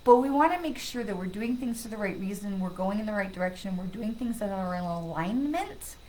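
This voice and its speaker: A woman psychic medium talks through a card reading in a chatty, reassuring way, checking in with her listeners again and again. Her voice sits at an ordinary middle pitch. A faint hiss runs underneath the recording. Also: a little fast, rough recording. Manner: chatty, reassuring, repeats "okay?" and "right?"; bursts into loud excited laughter when greeting friends. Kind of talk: live-stream card reading, casual chat.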